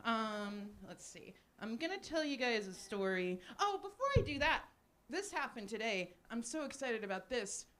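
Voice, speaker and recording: A woman in her forties performing a live stand-up set at a small cafe, animated, laughing at her own jokes and shouting punchlines. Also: fairly high pitch, moderate pace. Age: 40s. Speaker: stand-up comedian. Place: small cafe stage before a live audience.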